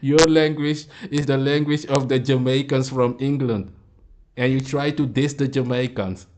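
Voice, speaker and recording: A man's voice: mid-range voice, steady tone, moderate pace, darkish tone. Heated man lecturing on a reaction stream. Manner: confrontational, lecturing, repeats words when worked up. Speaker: commentator reacting to clips. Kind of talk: heated commentary.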